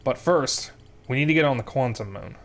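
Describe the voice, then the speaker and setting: A young man talks through a game as he plays, thinking aloud as he recaps the story and plans his next steps. His voice sits at a middle pitch, with a casual streamer's delivery. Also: animated, brisk. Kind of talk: gameplay commentary.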